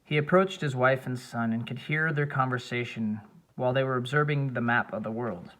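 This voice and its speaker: Male audiobook narrator, measured and steady, mid pitch. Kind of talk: scripted narration.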